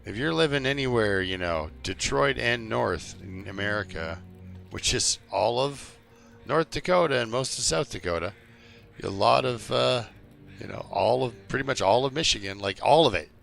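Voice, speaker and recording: A man's voice: mid-range voice, lively intonation, normal speed, vocal fry, a bit bright, soft background music. A man giving rambling, jokey commentary while live-streaming a game and chatting with viewers. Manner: rambling, jokey, talks to chat.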